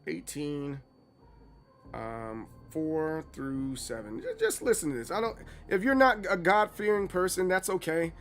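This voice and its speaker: Brief: male streamer in his thirties, lively chatty delivery, slightly raised voice, faint game music under. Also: on the high side, a little slow. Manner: chatty, animated, playfully dramatic. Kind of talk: casual livestream chat while gaming.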